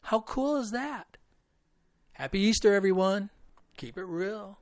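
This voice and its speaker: A man's voice: high-pitched, animated, a little slow, a crowd in the background. Man playing a sarcastic rambling Easter bunny. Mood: sardonic. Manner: sarcastic, keeps digressing. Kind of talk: satirical comedy monologue.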